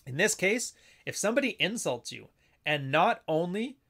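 A man's voice: high voice, sing-song, moderate pace, creaky, fairly bright tone. A man giving casual, unscripted commentary, often acting out little dialogues in shifting voices. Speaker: commentator explaining assertiveness techniques.

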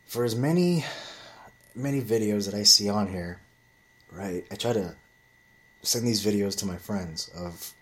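Low-voiced man telling a rambling story. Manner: rambling storytelling with heavy swearing. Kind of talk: casual monologue to camera.

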